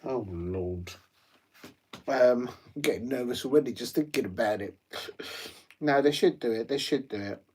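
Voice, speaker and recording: A man's voice: medium pitch, moderate pace, long pauses, a little mellow, breathy edge. A man hosting a live football watch-along, chatty and rambling, with lots of ums and uhs. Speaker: live stream host.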